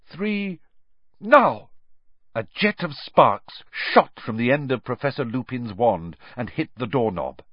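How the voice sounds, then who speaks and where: A man reading a story aloud with animated, dramatic narration. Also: mid-range voice, dry recording, dull audio. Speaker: audiobook narrator.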